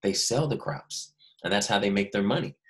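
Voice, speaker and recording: A male first grade teacher giving a remote lesson, animated and coaxing the children to repeat words after him. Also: on the low side, moderate pace. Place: Los Angeles.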